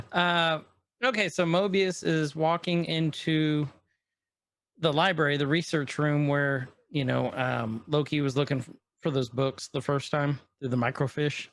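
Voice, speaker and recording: A man's voice: on the high side, steady tone, a little slow, a bit bright, no room sound. A man co-hosting a podcast, casually recapping a show episode in a rambling way with lots of fillers. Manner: rambling recap, quoting characters loosely with fillers. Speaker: podcast co-host.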